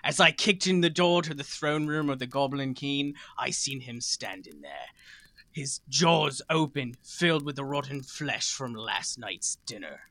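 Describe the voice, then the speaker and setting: A man's voice: mid-range voice, animated, unhurried, pushed and bright, no room sound. Gory tavern yarn-spinner guy with a weird put-on accent, host doing a bit, dry close sound. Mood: dramatic. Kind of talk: tall-tale narration.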